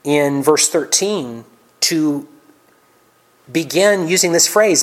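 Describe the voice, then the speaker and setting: An earnest man preaches a sermon. He reads scripture in a raised, ringing voice. He then drops to soft, almost whispered reflection, with wide swings in loudness. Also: on the high side, expressive, slow pace, long pauses, rough recording.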